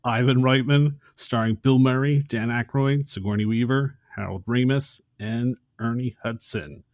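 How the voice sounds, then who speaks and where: A man's voice: medium pitch, fairly even intonation, measured pace, a little mellow, no echo, clean studio sound. A man co-hosting a casual podcast, summarizing a film in a friendly way. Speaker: podcast co-host.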